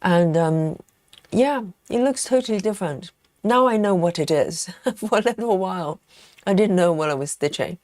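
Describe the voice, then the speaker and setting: Here a livestream host with a lowish, darkish voice talks at a normal pace while cross-stitching on camera. Giggly and talkative, she eats chocolate and reads viewer comments aloud, and there's no room sound in the recording.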